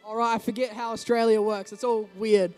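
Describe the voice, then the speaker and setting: Jokey very high-voiced New man commentating. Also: level tone, a little mellow, clear, resonant tone, faint music behind. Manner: jokey, rambling, quick quips. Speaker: event commentator. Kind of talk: live robotics match commentary.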